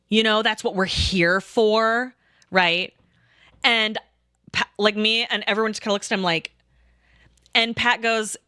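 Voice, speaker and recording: A woman in her thirties telling a rambling, animated story in casual chat, swearing often and acting out what people said. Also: mid-range voice, moderate pace, no echo, clean studio sound. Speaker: storyteller recounting a game night.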